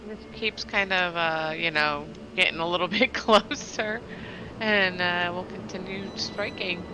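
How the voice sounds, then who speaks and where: A woman playing a tabletop game, describing her character's actions in an unhurried, hesitant way. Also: on the low side, fairly even intonation, background noise. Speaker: player.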